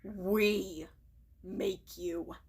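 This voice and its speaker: A woman's voice: medium pitch, fairly even intonation, extremely slow, husky, pitched below the performer's own voice. A woman voicing a stern, fierce female warrior cat deputy from a storybook, with a firm, commanding delivery.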